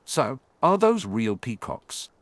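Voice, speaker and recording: A man's voice: medium pitch, sing-song, slow, dry recording. A man voicing a nervous, ordinary middle-aged father who talks awkwardly and hesitantly.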